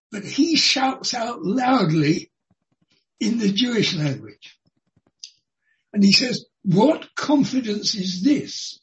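A preacher giving an expository sermon in a deliberate way, repeating key phrases for emphasis. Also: mid-range voice, highs cut off. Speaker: Bible teacher.

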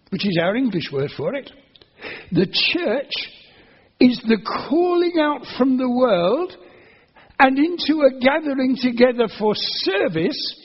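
A man with a high, husky voice preaches a sermon, explaining patiently and then pressing his point with repeated phrases. The recording sounds dull and lo-fi, as on an old sermon tape. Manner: earnest, explanatory, rising to emphatic repetition. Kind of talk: expository sermon.

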